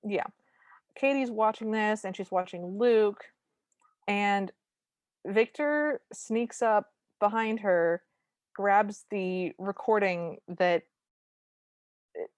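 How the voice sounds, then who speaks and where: A woman's voice: medium pitch, takes it slowly, long pauses, dry recording. A woman co-hosting a podcast, casually recapping a movie's plot beat by beat with dry asides. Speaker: podcast co-host.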